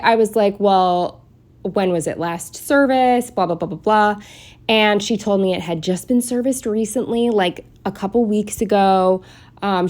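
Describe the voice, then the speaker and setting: A woman's voice: fairly low pitch, a little mellow. Exasperated young woman, swearing rant. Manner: exasperated, swears a lot, rambling venting. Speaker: planner vlogger. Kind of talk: casual storytime rant.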